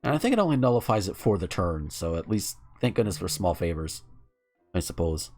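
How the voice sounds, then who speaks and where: A young adult man from the American South, giving animated live commentary while gaming, cursing and laughing at the game. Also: sits low, a little fast, soft background music. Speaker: game streamer.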